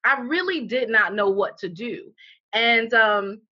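A middle-aged woman who founded a healing center speaks as an interview guest, her voice fairly high with lively intonation and an unhurried pace. She tells her personal story candidly and emphatically, with lots of "you know" fillers, on a dull lo-fi recording.

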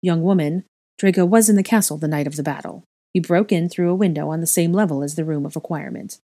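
Stern old wizard founder, clipped and formal, low mellow voice, read by a woman. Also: quick pace, dry recording, studio quality.

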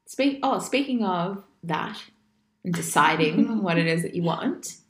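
A woman's voice: on the low side, animated, a little slow, roomy sound. Bubbly swearing woman podcast host. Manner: bubbly, swears freely, many "like" fillers. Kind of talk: casual chat.

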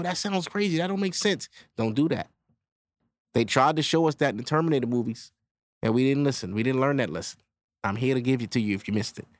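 In a casual solo podcast monologue, the male host talks loosely and swears, playing out rapid exchanges between different voices. He speaks in a mid-range voice with no echo.

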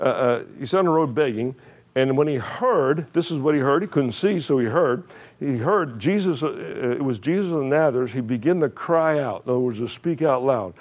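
A male pastor with a medium-pitched, darkish voice preaches a sermon in plain, folksy language. He's emphatic, repeats phrases, and asks his listeners questions, with lots of "uh" fillers and restarts.

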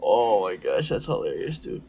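A man's voice: on the low side, big pitch swings, moderate pace, gravelly, dark tone, breathy edge. A young man co-hosting a podcast in casual chat, telling stories animatedly and acting out customers in a raised voice. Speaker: podcast co-host. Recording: faint background noise.

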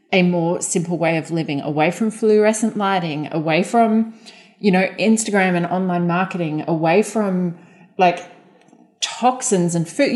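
A candid woman on a podcast, telling stories and cursing casually as she talks. Her voice is slightly low and relaxed in tone. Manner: candid storytelling, swears freely. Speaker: podcast guest.

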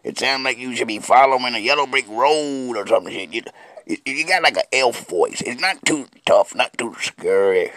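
Brief: a man playing a hot-headed mocker, sharp and swooping, dry close sound. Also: mid-range voice, lively intonation, moderate pace, no room sound, lightly acted. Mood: mocking. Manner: mocking, ranting. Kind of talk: comedy sketch.

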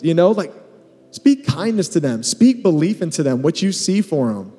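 A man with a fairly high voice gives a joking, teasing conference talk and speaks straight to the crowd. His voice rings in a large hall with long reverb. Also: sing-song, a little fast, dark tone. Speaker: podcast co-host speaking at a marriage conference.

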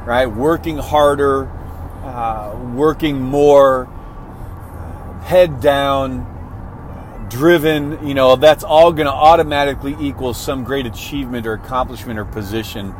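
A man's voice: mid-range voice, unhurried, a little hiss or hum. A man giving a motivational talk in a conversational way, often checking in with "right?" and restarting his phrases. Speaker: motivational speaker.

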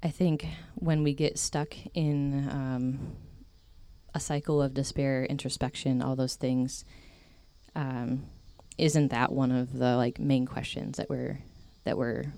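Low-voiced woman giving a chatty faith talk. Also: flat delivery, slow pace, gravelly, dark tone, no echo. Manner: chatty, many fillers and tangents. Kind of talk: casual faith talk to a group.

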